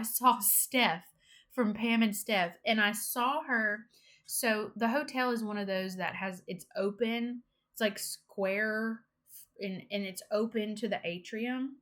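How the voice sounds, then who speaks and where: Unhurried, chatty young woman showing her haul. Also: mid-range voice. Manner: chatty and excitable, with giggles and gushing. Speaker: cross-stitch vlogger. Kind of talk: casual show-and-tell haul chat.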